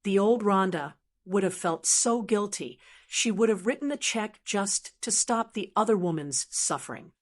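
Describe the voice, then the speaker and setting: An older woman narrating a first-person audiobook story in a calm, measured, steady way. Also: medium pitch.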